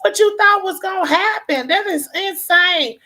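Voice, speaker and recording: A woman host takes calls on her live stream, talking bluntly and with plenty of sass. Her voice sits high and comes out bright and sharp. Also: measured pace. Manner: blunt, sassy, casual. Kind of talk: live-stream call-in talk.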